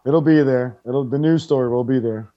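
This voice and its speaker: A man calling the action live while he watches it, voice pitched in the middle, quick to react and loose with his swearing. The sound is dull and lo-fi, like a muffled voice chat. He talks like someone glued to the screen with his buddies. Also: no echo. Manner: excitable play-by-play with swearing. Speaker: co-host watching a wrestling match. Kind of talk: casual live watch-along commentary.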